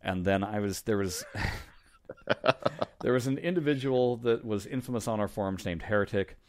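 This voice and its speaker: A man's voice: fairly low pitch, moderate pace. A man co-hosting a podcast, reminiscing casually with frequent ums and laughs. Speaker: podcast co-host.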